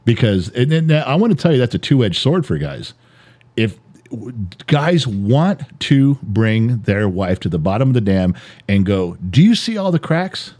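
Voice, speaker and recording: Low, lively middle-aged man, emphatic rant. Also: measured pace. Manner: emphatic, repetitive, swears, builds an extended metaphor. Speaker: podcast co-host, father. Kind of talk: heated personal monologue.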